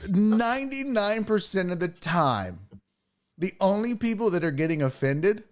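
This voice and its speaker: A man's voice: sits high, a little slow. A man who hosts a podcast and does stand-up, telling crude stories in casual chat and laughing through them. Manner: animated, profane, laughs through his stories. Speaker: podcast host and stand-up comedian.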